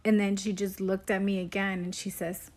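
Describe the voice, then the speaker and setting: A woman's voice: medium pitch, flat delivery, moderate pace, a little mellow. A mother telling a story to camera about her young daughter in an earnest, hesitant way, with frequent ums.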